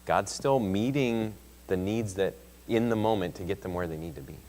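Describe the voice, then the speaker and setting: A man with a fairly low voice leads a Bible class in an easygoing, conversational way. His voice carries a long reverb from the church room, and he leans into his points with rising emphasis. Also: normal speed, darkish tone. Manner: conversational, reads scripture aloud with rising emphasis. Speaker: Sunday school teacher.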